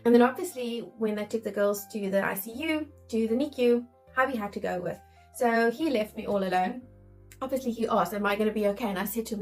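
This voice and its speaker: A woman's voice: fairly high pitch, fairly quick, a little mellow, soft background music, low-quality recording. A woman in her thirties, a midwife, telling her own birth story in a candid, emotional way and acting out her worried thoughts. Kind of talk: casual storytelling to camera.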